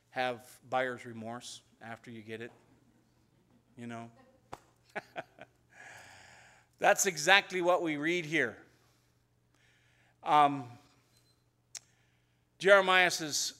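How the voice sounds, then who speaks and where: A man's voice: sits high, animated, slow, pauses often, pushed and bright. A man pastor teaching an expository sermon in a conversational way, often repeating words and acting out the prayers he quotes. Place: church sanctuary.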